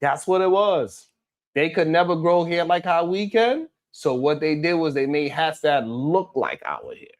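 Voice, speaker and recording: Outspoken male live stream host, higher voice. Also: expressive, a little slow. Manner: outspoken and heated, swearing often; calls out chat viewers by name. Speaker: live stream host reading viewer comments. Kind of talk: casual live stream talk.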